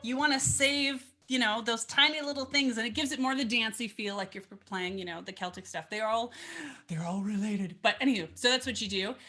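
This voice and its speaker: A woman with a fairly high, slightly fast voice gives an upbeat, chatty violin lesson, using fillers and asides between demonstrations. Violin playing fills the gaps between her phrases, with music in the background.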